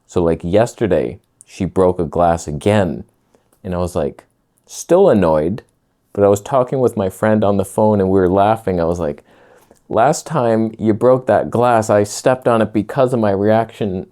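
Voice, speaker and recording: A man's voice: on the low side, normal speed, mellow. A young man ranting casually to camera in a sarcastic, crude way, slipping into mocking voices. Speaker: vlogger.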